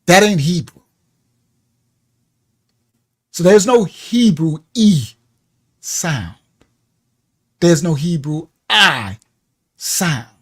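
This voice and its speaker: Male livestream teacher, unhurried, emphatic, conversational, fond of rhetorical questions. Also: on the high side. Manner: emphatic, repeats words, asks rhetorical questions; chatty, addresses viewers by name. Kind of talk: live-streamed religious teaching.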